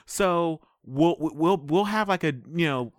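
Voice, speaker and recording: Lively man with a dry close sound. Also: a little high, no echo. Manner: animated, interrupts with quick asides. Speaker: podcast co-host. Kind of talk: casual movie trailer review chat.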